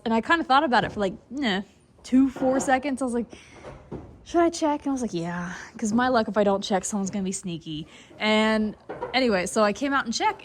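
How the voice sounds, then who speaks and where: A woman's voice: on the high side, a little hiss or hum. A woman in a barn at night, chatting casually and rambling as she talks to her horses and viewers. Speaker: horse breeding farm foaling attendant. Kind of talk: casual vlog chat.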